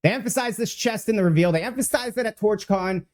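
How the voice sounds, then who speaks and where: A male game streamer reading patch notes live and thinking out loud. He rambles and gets excited, stumbling over restarts and filling gaps with "uh", with a casual swear now and then. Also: sits high, quick pace.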